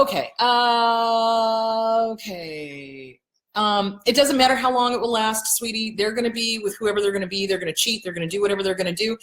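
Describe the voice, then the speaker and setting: A woman's voice: on the low side, reverberant, poor audio. A woman therapist answering viewer questions in a casual, blunt, emphatic way, swearing freely. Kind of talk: casual advice talk.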